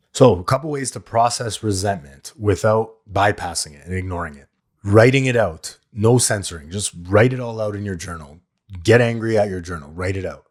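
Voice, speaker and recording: A man hosts a solo podcast about addiction recovery in a fairly low voice. He speaks candidly and plainly, with blunt swearing mixed in. He coaches his listeners and repeats the lines he wants to stick.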